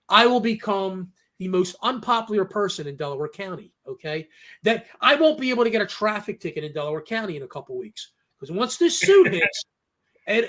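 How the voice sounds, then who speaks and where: A man's voice: high-pitched, fairly bright tone. A man co-hosting a casual talk show, telling stories emphatically and often tagging his points with "okay?". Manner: emphatic, storytelling, keeps adding "okay?". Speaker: co-host. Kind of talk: casual podcast chat.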